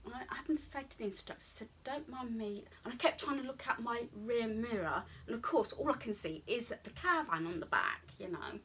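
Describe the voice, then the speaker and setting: A woman's voice: on the high side, expressive, a little fast, few pauses, a bit bright, breathy edge. A British woman in her fifties telling a personal story to camera in a rambling, chatty way, with lots of ums and asides and her own thoughts acted out in quotes. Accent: British English. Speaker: vlogger.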